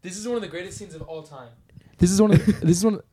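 Excitable fast-talking young man. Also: high voice. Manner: excitable, quick, laughing storyteller. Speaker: podcast co-host. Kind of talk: casual chat.

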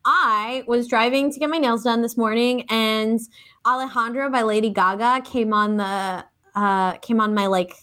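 A young woman co-hosting a podcast. She tells stories in a chatty, casual way, full of "like" and "um", with a voice a little higher than most. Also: fairly even intonation, normal speed, fairly bright tone. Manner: chatty, frequent fillers like "like" and "um". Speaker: podcast co-host. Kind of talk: casual chat.

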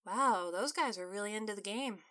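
A woman voicing a busy, testy female cook who speaks in a brisk, matter-of-fact way. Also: mid-range voice, fairly bright tone, lightly acted.

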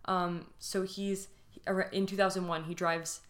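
A woman's voice: lowish voice, level tone, measured pace. A young woman co-hosting a casual podcast, retelling a case emotionally, with many fillers and trailing-off phrases. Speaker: podcast co-host telling a true crime case.

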